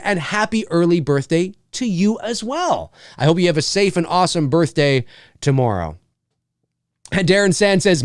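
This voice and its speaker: A man's voice: high voice, no room sound, clean studio sound. A North American man hosting a live stream, chatting casually and rambling through viewer comments. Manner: rambling, animated, lots of fillers and laughs.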